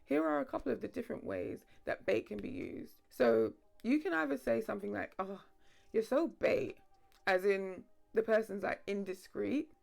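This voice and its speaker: A woman hosting a video essay, moving between lively playful asides and steady narration. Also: medium pitch, normal speed, gravelly, few pauses. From London, England.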